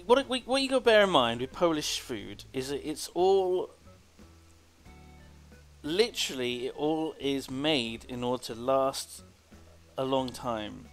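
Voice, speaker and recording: A man rambles casually while streaming a game, drifting between chatty asides. His delivery is slow and unhurried, yet his pitch bounces around with lots of lively movement. Faint game music sits underneath. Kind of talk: casual gameplay commentary.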